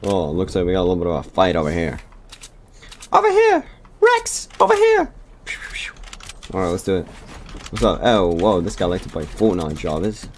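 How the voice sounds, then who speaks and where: A young man giving joking gameplay commentary as a YouTuber, excitable and prone to bursts of yelling. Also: deep voice, quick pace, a little hiss or hum. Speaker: gaming YouTuber.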